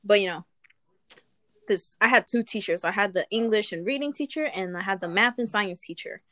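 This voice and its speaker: A young woman with a medium-pitched voice and a moderate pace tells funny stories about school in a casual chat. She's animated, laughs between lines and swears often.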